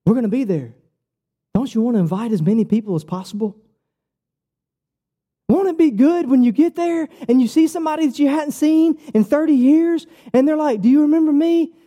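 A man preaching a sermon, telling stories with quoted dialogue in a casual, lively way. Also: high-pitched. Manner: animated storytelling with quoted dialogue; casual, says "bro" and "like". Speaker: pastor.

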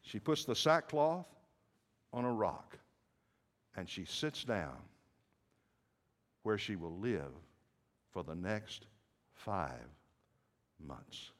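A male preacher unfolds a story in a dramatic sermon. He swings from hushed murmurs to sudden shouts. His pitch moves in lively swoops, and his words echo in a hall with long reverb. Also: drawn-out words, long pauses.

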